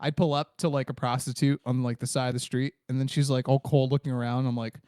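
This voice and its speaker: A man co-hosting a comedy podcast, an animated storyteller who acts out voices and jokes crudely. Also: mid-range voice, fast talker, smooth, dry recording, clean studio sound. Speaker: podcast co-host. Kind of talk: casual comedy chat.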